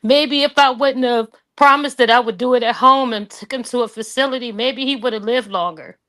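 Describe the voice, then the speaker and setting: A tearful woman speaking about her anger and loss in a halting, raw and emotional way. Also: fairly high pitch, fairly bright tone. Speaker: guest sharing her grief. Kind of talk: personal testimony on a call.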